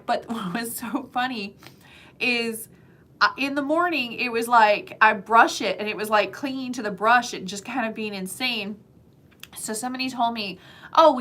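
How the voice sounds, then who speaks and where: A woman chatting casually to the camera as a realtor, animated and full of fillers, laughing often. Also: fairly high pitch. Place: lives in Florida.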